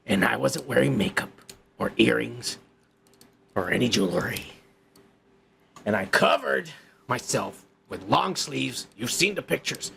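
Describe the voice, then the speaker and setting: Gravelly, profane ranting man. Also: medium pitch, lively intonation, unhurried, pauses often, a bit bright, a little hiss or hum. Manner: crude, heated, swearing, repeats himself. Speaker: podcast host.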